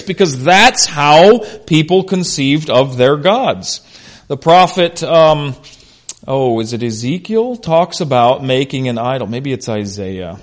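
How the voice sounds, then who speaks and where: A man, a pastor, preaching a conversational expository sermon that swings between loud emphasis and quiet asides. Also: mid-range voice. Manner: conversational, unscripted, frequent "uh" and "you know".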